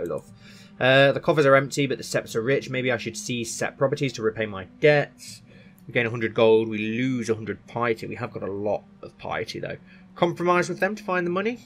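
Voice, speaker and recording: A man casually commentating on his strategy game and thinking aloud. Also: mid-range voice. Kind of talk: casual let's-play commentary.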